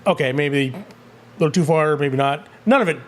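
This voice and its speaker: A fairly high-voiced man co-hosts a casual movie review show. He talks with eager enthusiasm and keeps slipping into goofy impressions of characters. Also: fairly quick. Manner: excitable, often acts out characters' lines in silly voices. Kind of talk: casual spoiler review chat.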